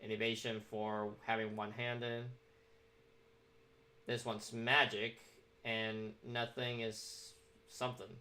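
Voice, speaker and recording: A man's voice: fairly low pitch, little pitch movement, slow pace, long pauses, pushed and bright, a little hiss or hum. A man streaming a game, casually thinking aloud as he picks character options. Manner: musing, thinks aloud while choosing options. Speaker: gaming streamer. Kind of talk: casual gameplay commentary.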